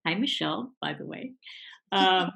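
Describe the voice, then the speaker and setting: A woman with a lowish, gravelly voice talks through ideas as a guest in a live online interview. She explains in a relaxed, unhurried way, leaning on fillers as she goes. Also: rough recording. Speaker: guest coach.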